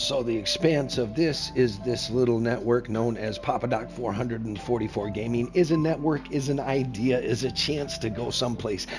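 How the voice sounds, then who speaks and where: An older man, a self-described grandpa, chatting in a folksy, rambling, earnest way on a gaming live stream, now and then slipping into radio-announcer patter. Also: medium pitch.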